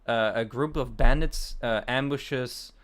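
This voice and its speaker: A man hosting a casual online podcast chat about tabletop games, talking with many pauses and restarts. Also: medium pitch, a bit bright. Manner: hesitant, many fillers and restarts. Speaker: podcast host. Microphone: online voice call.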